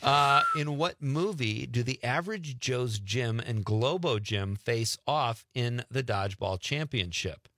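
A man's voice: medium pitch, lively intonation, a little slow, few pauses, sharp tone, dry recording. A man hosting a radio show, joking and teasing his guest in casual banter.

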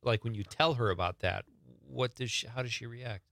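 Upbeat radio host, man, bright voice, dry studio sound. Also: medium pitch, vocal fry, no echo. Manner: chatty, upbeat, quick follow-up questions. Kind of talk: casual talk radio chat.

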